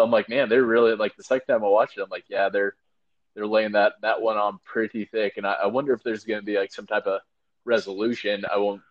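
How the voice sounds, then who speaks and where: Rambling low-voiced man, lo-fi audio. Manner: rambling, lots of fillers and acted-out quotes, laughing. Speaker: podcast co-host. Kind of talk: casual chat.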